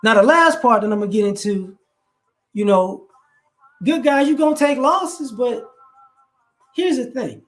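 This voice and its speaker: A man hosting a casual livestream, giving advice in a lively monologue and acting out both sides of conversations. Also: very high voice, unhurried, long pauses, reverberant, faint music behind.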